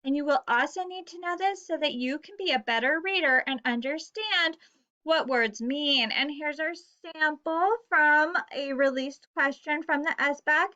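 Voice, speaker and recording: A woman teaches a recorded reading lesson from home, pacing her words slowly and spelling things out for young pupils. Her voice sits high and sounds bright. The recording is dull and lo-fi. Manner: slow, clear, encouraging teacher talk to young pupils.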